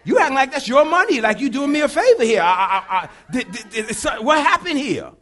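A male pastor preaching a sermon, animated and confiding, talking straight to the congregation. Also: very high-pitched, a little fast.

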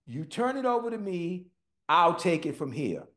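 A man preaching a sermon, emphatic, slowing down on key words and talking directly to his listeners. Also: sits high, big pitch swings, fairly bright tone. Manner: emphatic, slows for stress, talks to listeners directly.

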